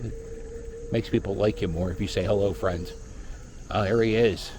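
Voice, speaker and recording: A man's voice: on the low side, steady tone, moderate pace, background noise. A man riding a scooter through a park, rambling through wry commentary and stories. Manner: rambling, wry, storytelling asides. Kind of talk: casual running commentary. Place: outdoors in a park, on a moving scooter.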